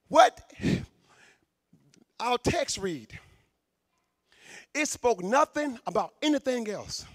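A man preaching a sermon in a church, fervent, shouting for emphasis and stumbling over repeated words. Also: extremely high pitch, very animated, slow pace, pauses often, dry recording.

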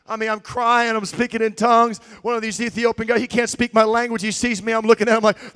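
A man preaching a sermon, telling stories with swings between shouts and quiet asides. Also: very high voice, quick pace, few pauses, clear, resonant tone. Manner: shouting, animated storytelling with swings from loud to quiet.

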